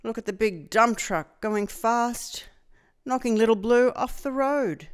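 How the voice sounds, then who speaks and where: A woman reading a children's picture book aloud, slow and expressive, pointing the listener to the pictures. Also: on the high side, clean tone. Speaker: storyteller.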